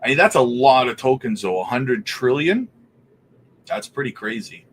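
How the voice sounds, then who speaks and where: Over faint background noise, a Canadian man speaks in a mid-range voice at moderate speed. He reads viewer questions on his casual crypto livestream, staying relaxed and reasoning aloud while he looks things up.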